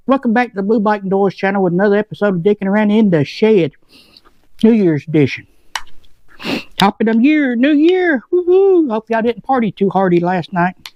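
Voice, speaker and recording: A man's voice: sits high, no echo, highs cut off. A man hosting a motorcycle vlog, chatting casually and rambling while he eats. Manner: rambling, talks with mouth full. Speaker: motovlog channel host. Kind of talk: casual chat while eating. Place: home shed.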